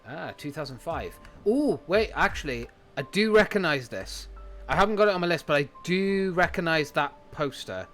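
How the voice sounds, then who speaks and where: A man's voice: fairly high pitch, very animated, moderate pace, fairly bright tone, faint music behind. A man streaming casually, chatting with enthusiasm, swearing freely and thinking aloud as he goes through his anime list.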